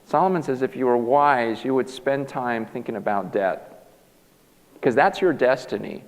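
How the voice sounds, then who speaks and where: A man preaching a sermon as a pastor, emphatic and animated, often restarting his sentences. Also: mid-range voice, normal speed. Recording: long hall reverb.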